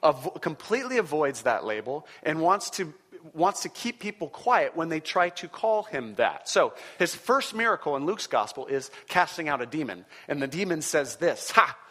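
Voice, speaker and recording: A male preacher with a voice pitched somewhat high for a man. He teaches in a conversational yet emphatic way and often chuckles between points. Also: big pitch swings, moderate pace, hardly any pauses, a bit bright. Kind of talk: sermon teaching.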